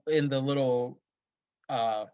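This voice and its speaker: A man's voice: medium pitch, steady tone, takes it slowly, dark tone, clean tone. A man hosting a casual chat on a video call, talking loosely and crudely. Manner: laughs along, crude and loose. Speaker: podcast host. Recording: dull muffled video-call audio.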